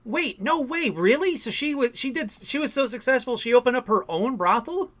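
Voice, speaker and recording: An enthusiastic podcast host takes listener calls and reacts with loud surprise. He talks in a casual, excitable way. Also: very high-pitched, normal speed. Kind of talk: casual call-in show chat.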